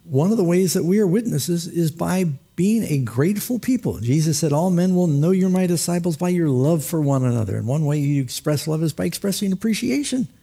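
A man's voice: on the high side, expressive, brisk, vocal fry, few pauses, dark tone, breathy edge. A man preaching a sermon as pastor, folksy and humorous, with light laughs and quoted asides.

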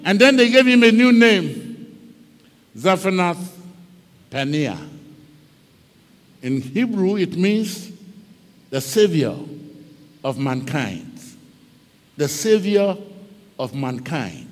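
Animated preacher in an echoing hall. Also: male voice, high voice, slow, long pauses. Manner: dramatic storytelling, switching between English and Twi. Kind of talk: sermon.

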